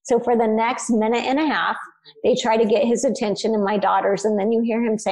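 A middle-aged woman with a gravelly, fry-tinged voice recounts her story as a podcast guest. She speaks earnestly and with animation, laughing easily along the way. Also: mid-range voice, steady tone, brisk, darkish tone, poor audio. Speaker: guest, spiritual medium.

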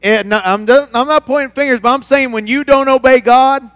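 A man who is a pastor, preaching a sermon at his church, who climbs to emphatic, near-shouted passages and then drops to soft, low, intimate talk. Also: fairly even intonation, normal speed, hardly any pauses, smooth, big-room sound. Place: church sanctuary.

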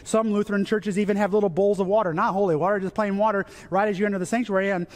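A man's voice: steady tone, racing. Fervent male pastor preaching a sermon. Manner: swells high and loud, then drops to a soft whisper. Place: church sanctuary.

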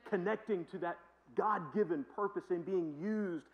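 A man's voice: high voice, normal speed, muffled recording. A man pastor preaching a sermon in a conversational, emphatic storytelling manner. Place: church.

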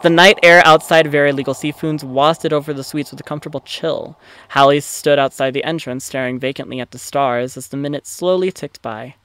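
A young man playing through a visual novel, reading it aloud with loud, profane, excitable reactions. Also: on the high side, a little fast, clean tone. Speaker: let's play streamer.

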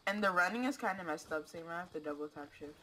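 A woman's voice: on the low side, very fast, noisy background. A woman playing a game with a friend, talking in a laid-back, matter-of-fact way. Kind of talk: casual gaming chat.

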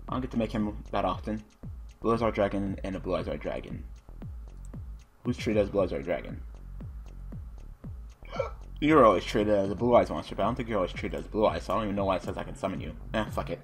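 This card game video host has a deep voice and talks fast but leaves long pauses, with faint music playing behind him. A young man, he reads his cards in a mutter while playing online, then breaks into frustrated, profanity-laden rants when the draws turn against him.

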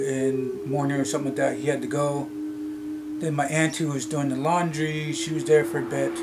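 A man from Canada, telling a childhood story in a vlog, in a halting, rambling way with many fillers and restarts. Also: medium pitch, poor audio. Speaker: vlogger. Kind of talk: casual storytelling. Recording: loud music behind the voice.

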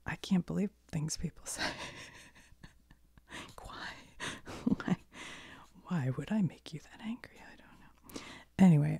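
A woman with a cold chatting in a soft-spoken ASMR style, half-whispering and rambling, laughing often, close to the mic. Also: low voice, creaky, no echo. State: has a cold. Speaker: ASMR creator.

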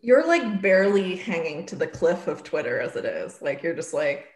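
A woman's voice: lowish voice, very animated, normal speed. A woman on a casual podcast, tossing in teasing quips. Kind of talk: casual chat. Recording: echoey room.

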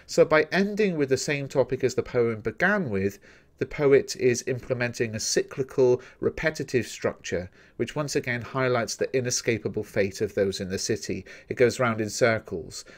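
A man with an English accent teaches a revision lesson in a methodical way. He speaks straight to his viewers at a middle pitch and explains each point in turn. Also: moderate pace. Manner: steady, methodical explaining, addressing viewers directly. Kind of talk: recorded exam-revision lesson.

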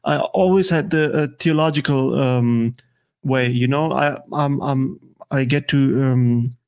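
A man with a German accent, a native German speaker, talking in English as an interview guest, halting with many fillers and restarts. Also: mid-range voice, steady tone, darkish tone. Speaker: guest political commentator. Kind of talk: casual interview chat.

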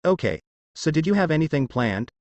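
Motherly goddess, gentle and guilt-laden, a man reading her lines. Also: fairly high pitch, sing-song, fairly quick, no room sound, muffled recording, pitched above the performer's own voice. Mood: caring. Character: gentle motherly female earth goddess, tiny fairy form.

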